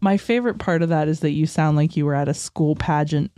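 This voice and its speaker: Woman, co-host, teasing, mellow tone, dry close sound. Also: low voice, a little fast, no echo. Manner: teasing, laughs often. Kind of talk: casual studio chat.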